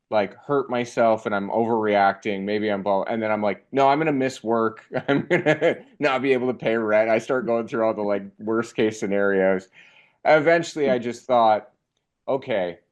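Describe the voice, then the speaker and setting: A young man telling a funny personal story in a casual, animated way, acting out the voices of the people in it. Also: on the low side. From Canada.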